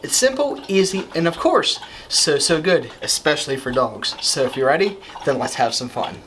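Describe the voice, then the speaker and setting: A man's voice: on the high side, expressive, normal speed, a bit bright, a little hiss or hum. A man hosting a home baking show, chatting upbeat and explaining each step as he works in a kitchen. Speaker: cooking show host. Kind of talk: casual cooking demonstration.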